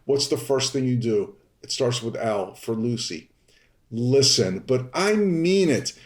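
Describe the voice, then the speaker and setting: A man's voice: medium pitch, expressive, slow pace. A man hosting a podcast, coaching listeners in an emphatic way and stretching out repeated words for stress. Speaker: podcast host. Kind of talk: instructional podcast talk. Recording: roomy echo.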